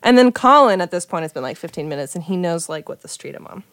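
Young woman guest, lowish voice, dry close sound, animated storyteller who swears and acts out quotes. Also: fast talker, no echo. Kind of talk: casual chat, telling a story.

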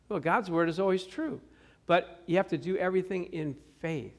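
A man with a high voice preaches in a loose, conversational way. He keeps lifting into little acted voices for the people in his stories, and his tone stays lively and friendly. It sounds like an informal Bible study in a church room. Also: normal speed. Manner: animated, acts out quotes with shifting voices. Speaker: pastor.

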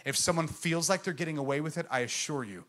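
Passionate male pastor in midlife, slightly high voice, questions the crowd, ranges from booming to hushed. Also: fast talker. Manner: impassioned, swings from loud proclamation to hushed intensity; engages the congregation with questions. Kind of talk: sermon.

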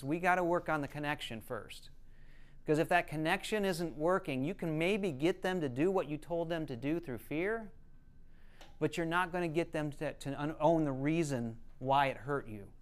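A man's voice: on the high side, clean tone. A man, a counselor, giving a conversational teaching talk, explaining earnestly and telling stories to make his points.

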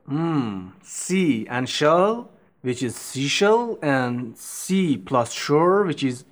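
A man's voice: a little high, animated, very slow. Guy playing the student in a lesson podcast, hesitant, lots of ums, voice jumps around. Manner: curious, hesitant, many ums and uhs. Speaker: co-host playing the learner. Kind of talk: scripted language-lesson dialogue.

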